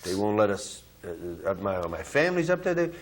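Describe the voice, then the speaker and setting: An older man, a guest in a casual interview, telling animated anecdotes and acting out what others said. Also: fairly low pitch, brisk.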